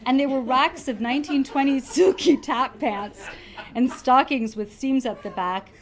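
Higher-voiced woman reading a comic story. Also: unhurried. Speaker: reader. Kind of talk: reading a comic novel aloud.

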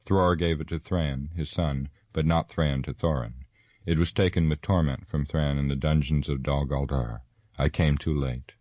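Man doing a stern old wizard, firm and commanding, deep deep voice, dry. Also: fairly even intonation, normal speed, dry recording, muffled recording.

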